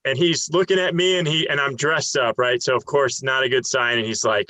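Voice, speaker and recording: A man in his thirties hosts a relaxed podcast conversation. His voice is bright and forward, recorded dry and close with no room sound, and he spins a long anecdote full of fillers and quoted dialogue. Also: mid-range voice, a little fast, hardly any pauses, no echo, low-quality recording. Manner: storytelling, animated, many fillers. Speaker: podcast host. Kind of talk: casual chat.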